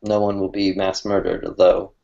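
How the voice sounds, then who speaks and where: A man co-hosting a casual chat with a fellow cartoonist, talking in a rambling, halting way and laughing easily. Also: low-pitched, level tone, creaky, warm tone, lo-fi sound. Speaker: cartoonist co-host.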